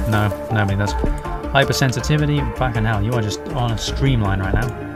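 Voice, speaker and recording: Loud music plays behind this fairly quick, fairly low-pitched English man, a gaming YouTuber. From his home in the English countryside he gives rambling let's play commentary, cursing and joking at his own expense.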